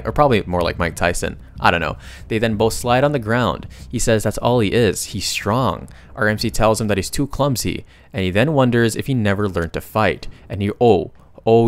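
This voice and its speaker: A man narrating a comic story recap in a casual, slangy way, breaking off for joking asides to his viewers. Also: fairly low pitch.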